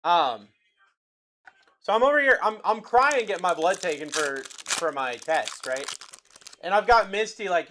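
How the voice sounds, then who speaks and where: Man, young, high-pitched, upbeat livestream break host calling cards to buyers, chatty and hyped. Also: animated, a little slow, pushed and bright. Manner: hyped, chatty, rattling off player names to buyers. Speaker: live card break host.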